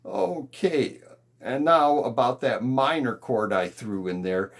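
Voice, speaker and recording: A man's voice: medium pitch, takes it slowly. A man teaching a guitar lesson on hymn chords, explaining patiently step by step.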